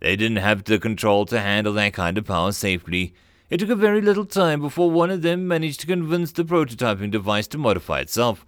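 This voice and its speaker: A man's voice: fairly low pitch, lively intonation, fast talker, no room sound, studio quality, natural voice. A man voicing a nervous, bitter male alien starship captain in an audiobook story. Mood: anxious. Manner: anxious, bitter.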